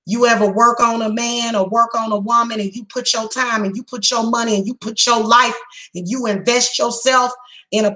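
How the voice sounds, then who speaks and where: A woman giving a psychic reading, speaking bluntly and emphatically, heated and repetitive, slowing down to stress her words. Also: on the high side, sharp tone, poor audio. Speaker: psychic reader. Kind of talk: tarot reading monologue.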